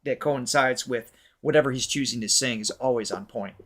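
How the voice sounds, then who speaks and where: A man's voice: mid-range voice, normal speed. A man co-hosting a music reaction show as vocal coach, chatting animatedly and laughing often. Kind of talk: casual music reaction chat.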